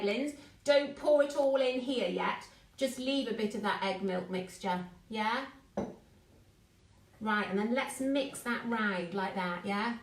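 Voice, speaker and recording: A woman's voice: on the high side, unhurried, recorded from a distance. A middle-aged woman teaching a live baking class, chatty and encouraging as she talks viewers through each step. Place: home kitchen. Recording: echoey kitchen, away from the mic.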